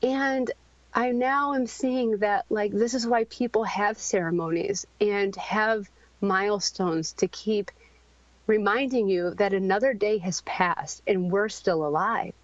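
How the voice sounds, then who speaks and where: A middle-aged woman with a medium-pitched voice shares a raw personal story as a podcast guest. She halts often, searches for words, and restarts sentences with many ums. The recording is dry and a bit dull, with no echo or room sound.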